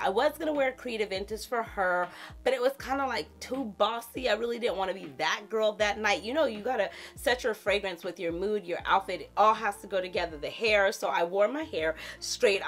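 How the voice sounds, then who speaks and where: A woman vlogger in her thirties chatting animatedly and sassily to her viewers about perfumes, talking to them like girlfriends. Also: mid-range voice. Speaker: beauty vlogger. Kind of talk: casual chatty product talk.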